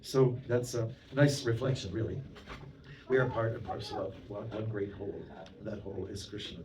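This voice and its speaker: Chatty monk lecturing in a roomy hall. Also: male voice, mid-range voice, fairly even intonation, normal speed, background noise. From Canada. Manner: chatty, anecdotal, with many "you know" asides and audience questions. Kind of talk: storytelling sermon to a temple audience. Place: temple hall. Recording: roomy hall, mic at a distance, audience present.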